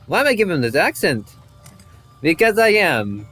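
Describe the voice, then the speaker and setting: A man streaming a game live, reacting out loud in an animated way. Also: high-pitched, normal speed, faint music behind. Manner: animated, laughing, reacts aloud. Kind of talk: live gaming commentary.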